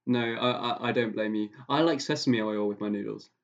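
A man's voice: lowish voice, a little fast, vocal fry, dull audio. A man hosting a casual podcast interview, playful and self-mocking. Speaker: podcast host.

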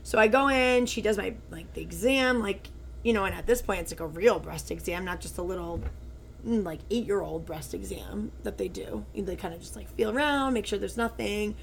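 A woman's voice: medium pitch, normal speed, vocal fry, a little hiss or hum. A woman in her twenties chatting casually as a podcast co-host, telling stories with lots of "like" fillers. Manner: chatty storytelling, full of "like" fillers. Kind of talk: casual chat.

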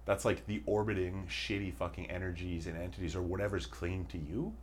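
A man's voice: deep voice, fairly even intonation, brisk, a little hiss or hum. A young man hosting a podcast, chatting casually with lots of swearing and rambling tangents. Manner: profane, rambling storyteller. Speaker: podcast host. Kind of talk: casual chat.

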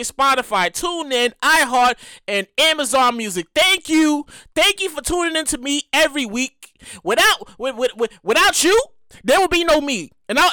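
A man in his thirties hosts his podcast in a loose, rambling way, stumbling over repeated words and cursing casually. His voice sits high and bright. It swings freely up and down. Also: no echo. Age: 30s. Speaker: podcast host. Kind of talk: casual solo podcast monologue.

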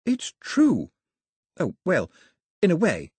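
A clever, eager young girl who talks up in a higher, lively voice, earnest and excited as she explains, as a male audiobook narrator puts her on. The voice is a little husky and sits dry and close, with no room around it. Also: takes it slowly, dry recording, full character voice. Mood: eager explaining.

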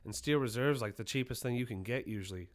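A young man retells a wild night with heavy swearing and animated delivery, jumping into the voices of the people involved. His voice sits at a medium pitch, and he talks like a casual podcast co-host. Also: fast. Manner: profane, animated retelling, acting out quotes. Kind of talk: casual storytelling.

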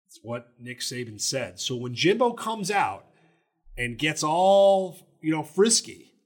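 A man co-hosting a sports podcast, talking loosely and animatedly about college football. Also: a little high. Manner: animated, loose, fast talking with many restarts. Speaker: podcast co-host. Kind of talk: casual sports talk.

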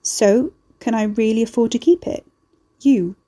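A woman reader plays a sharp-tongued young heroine in a dark storybook. She is broke and frazzled, snapping and swearing. Her lines sit higher and louder than the narration, on a mellow tone. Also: a little slow, slightly rough. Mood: frantic.

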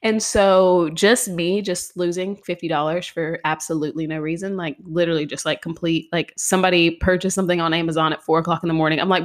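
A woman's voice: lowish voice, fairly even intonation, brisk, hardly any pauses. A young woman hosting a podcast, talking casually in a chatty, exasperated way with lots of filler words. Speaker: podcast host. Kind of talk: casual solo podcast monologue.

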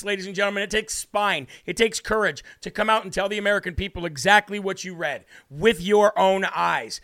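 A man's voice: sits high, a little fast, creaky, few pauses, bright, forceful tone. A man hosting a political commentary show, combative and mocking, with emphatic delivery. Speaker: host.

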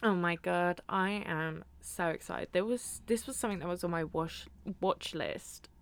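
A woman co-hosting a podcast, telling stories in an animated way, swearing casually and laughing along. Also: on the low side, moderate pace, clear, resonant tone. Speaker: podcast co-host. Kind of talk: casual chat.

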